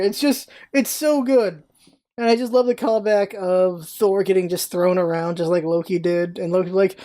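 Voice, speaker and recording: A young woman chats through a movie review for her vlog, excitable and rambling. Her voice is mellow and warm, and she keeps breaking into playful impressions of the characters. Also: medium pitch. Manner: chatty, excitable, rambling with many restarts; acts out characters' lines in quick impressions.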